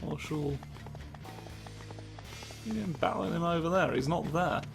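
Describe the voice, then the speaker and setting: A man's voice: fairly high pitch, slow pace, creaky. A man giving absurd, rambling comedic commentary while playing a game, swearing often. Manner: absurd, rambling, swears, sudden silly voices. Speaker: gameplay commentator. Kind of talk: comedic let's play commentary. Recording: game music loud behind voice.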